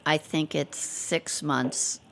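A woman's voice: low voice, steady tone, slow, creaky, a bit bright, slight background noise. A woman hosting a radio show and chatting with her guests in a loose, casual interview. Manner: chatty, with hesitant restarts.

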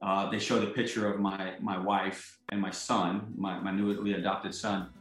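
A man's voice: sits low, little pitch movement, moderate pace, fairly bright tone, echoey room, soft background music, poor audio. A man, a golf champion, telling a story casually with lots of fillers and restarts. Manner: rambling, full of fillers and restarts.

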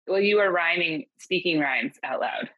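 A woman's voice: on the low side, normal speed, dry recording, highs cut off. A woman co-hosting a podcast from a house, chatting casually with a wry humor and frequent laughter. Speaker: podcast co-host. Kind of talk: casual comedic chat. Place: house in New Orleans.

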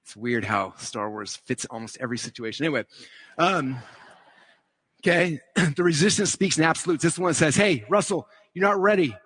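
A man giving a live conference talk, teaching quickly and checking in with "okay?" and "right?" as he draws on slides. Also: medium pitch, fairly bright tone, husky, no room sound. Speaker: speaker at a conference.

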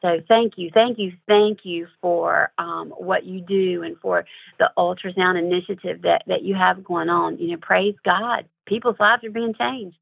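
A woman's voice: fairly low pitch, steady tone, measured pace, creaky. A woman directing a pregnancy center, telling a story earnestly in an interview, with fillers and emotion. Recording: tinny phone line.

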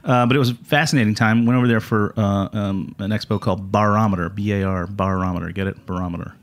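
A man hosting a podcast, telling stories in a casual chat with a co-host, chuckling and trailing off low at the ends of lines. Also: fairly even intonation, quick pace. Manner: storytelling, chuckling, drops to a low mumble at line ends.

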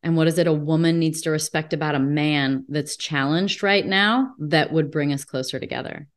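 A woman's voice: sits low, normal speed. A woman hosting a podcast in casual conversation, asking long questions and musing aloud. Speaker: host.

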